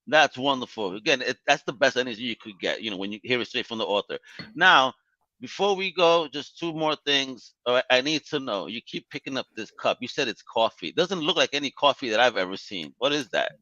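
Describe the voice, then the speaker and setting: A man's voice: medium pitch, expressive, brisk, bright, forceful tone, no room sound. A man hosting a podcast, upbeat and slangy, reacting and asking questions. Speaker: podcast host. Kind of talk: casual interview chat. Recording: dull dry lo-fi sound.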